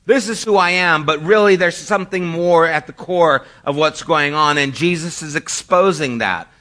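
Speaking at normal speed in a sharp tone, this middle-aged pastor has a voice on the high side. He delivers his sermon as conversational storytelling, slipping in self-deprecating asides.

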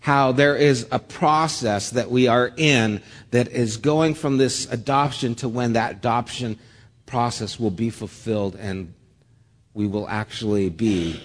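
A middle-aged man preaching a sermon, reading scripture aloud in a measured, earnest way. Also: medium pitch. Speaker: pastor. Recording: long hall reverb.

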